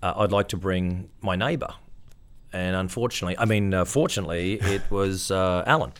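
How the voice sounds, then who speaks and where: A man's voice: deep voice, brisk, a little hiss or hum. A middle-aged Australian man, an interview guest, casually telling stories and acting out the voices of people he quotes. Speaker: interview guest, tribute performer.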